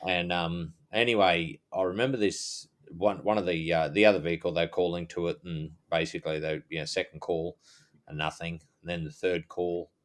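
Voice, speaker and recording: Deep aussie guy, ex cop, chill anecdote style on a podcast. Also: moderate pace. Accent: Australian. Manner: relaxed anecdotal storytelling. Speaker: podcast co-host, former police officer. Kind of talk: casual podcast chat.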